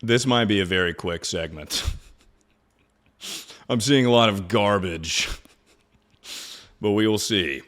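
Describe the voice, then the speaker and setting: A man's voice: on the low side, slow, pauses often, a bit bright. A young man streaming live, chatting casually in a rambling, crude way and laughing often.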